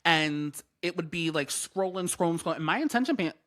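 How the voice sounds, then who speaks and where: A man's voice: fairly high pitch, lively intonation, fairly quick, fairly bright tone. A man hosting a casual podcast chat, talking emphatically and repeating his points for stress. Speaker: podcast host.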